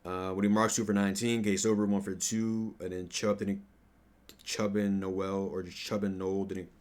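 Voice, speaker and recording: Low-voiced man riffing on game stats. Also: flat delivery, normal speed. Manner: rambling, profane, bursts into loud trash talk; fillers and self-corrections while reading stats. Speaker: sports fan channel host. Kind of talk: casual stat-reading reaction commentary.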